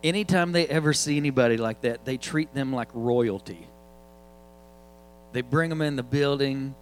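A man's voice: medium pitch, normal speed, slight background noise, rough recording. A man, preaching in a casual, joking storytelling way. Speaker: guest preacher. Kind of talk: sermon storytelling.

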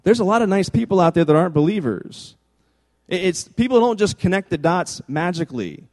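A man's voice: high voice, expressive, brisk, darkish tone. A man preaching a sermon as pastor, in a conversational style with joking asides. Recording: long hall reverb.

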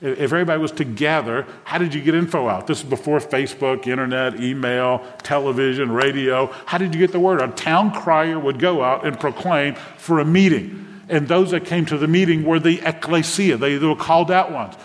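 With a fairly high pitch and a brisk delivery, a man preaches his sermon to a congregation and puts questions to them. The recording carries the long reverb of a church hall, where the sanctuary is filled with listeners.

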